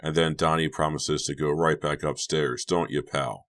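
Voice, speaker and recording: A man's voice: rumbling low, steady tone, moderate pace, a bit bright. A man voicing a teasing, pleading teenage boy prankster in an audiobook, playful and wheedling. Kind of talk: audiobook character voice.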